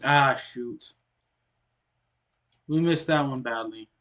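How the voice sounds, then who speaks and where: A man casually commentating a soccer video game he is playing, explaining the score as he goes and often clearing his throat. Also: mid-range voice, slow pace. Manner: relaxed, explains as he plays, frequent throat clearing. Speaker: gaming channel host.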